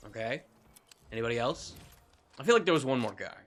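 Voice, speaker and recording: A man's voice: mid-range voice, expressive, fairly quick, a little hiss or hum. A young man streaming a video game, chatting casually with lots of jokes, swearing and laughter. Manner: rambling, joking, swearing, laughing often. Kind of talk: live gameplay commentary.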